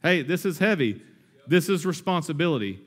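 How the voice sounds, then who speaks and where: A man in his thirties preaches to his church with a fairly high voice. He talks energetically and conversationally. He slips in humorous asides along the way. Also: lively intonation, fairly quick, husky. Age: 30s. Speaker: pastor. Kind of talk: sermon.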